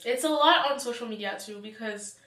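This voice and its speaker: A woman's voice: fairly high pitch, brisk, a bit bright. A woman from Haiti hosting a casual conversation, chatty and asking questions with plenty of fillers. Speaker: host. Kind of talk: casual chat. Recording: roomy, mic at a distance.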